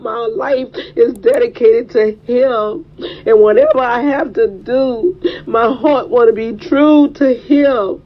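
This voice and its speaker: A woman's voice: on the high side, slow. Woman preacher, fervent repetitive cadence, muffled lo-fi sound. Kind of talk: sermon. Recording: dull, lo-fi recording.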